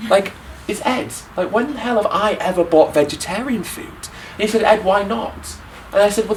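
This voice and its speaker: A man in his twenties speaks to a live audience at a mid-range pitch. He talks in a candid, storytelling way and keeps checking in with his listeners through little tag questions. A soft ambient hum sits underneath his voice. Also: low-quality recording. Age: 20s. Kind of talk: public talk to an audience. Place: talk venue with an audience.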